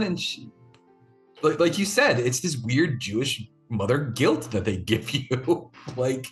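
Podcast co-host: a mid-pitched man with a lively, expressive delivery and casual swearing. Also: slow pace, faint music behind. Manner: animated, swears, laughs. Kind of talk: casual chat.

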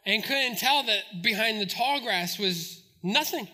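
A male pastor in his forties delivers a lively sermon in a strikingly high, bright, forceful voice. His pitch leaps around as he tells stories and acts out the voices of the people in them. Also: unhurried. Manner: animated storytelling, acts out quoted voices.

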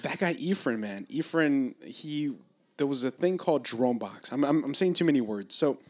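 A laid-back man from Los Angeles rambles through a casual podcast chat at a middling pitch. He swears freely and often breaks into laughter. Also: expressive, moderate pace.

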